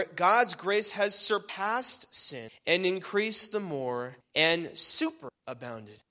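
A man with a high voice preaches a sermon to his congregation. He reads scripture aloud, then swings between loud, emphatic lines and soft asides. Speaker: pastor.

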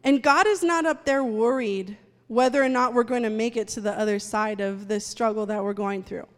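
This is a woman preaching in a church sanctuary, her voice on the high side and her speed normal. She leads prayer with fervent conviction that climbs into loud praying. Long hall reverb and faint music are audible.

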